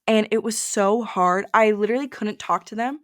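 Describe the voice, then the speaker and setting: A woman's voice: mid-range voice, moderate pace, fairly bright tone. A young woman hosting a casual solo podcast, rambling and giggling as she looks things up and reacts to them. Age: young adult. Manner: chatty, rambling, giggly, self-interrupting. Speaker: podcast host.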